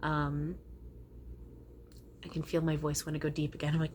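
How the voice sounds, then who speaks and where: A woman's voice: low-pitched, monotone, moderate pace, long pauses, darkish tone, a little hiss or hum. A woman channeler talking casually to her viewers, rambling and earnest with some casual swearing. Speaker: spiritual channeler. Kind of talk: casual spiritual talk to viewers.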